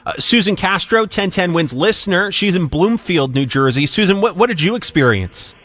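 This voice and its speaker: New radio anchor, male, steady studio read with the odd "uh". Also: high voice. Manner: measured delivery with frequent uh fillers. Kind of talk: live news anchoring.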